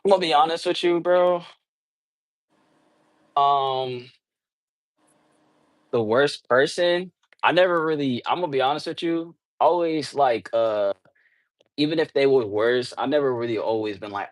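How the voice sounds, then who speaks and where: A man's voice: mid-range voice, unhurried, long pauses, no echo. A young man answering interview questions about his music in a loose, rambling way, full of fillers, slang and restarts. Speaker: underground rapper, interview guest.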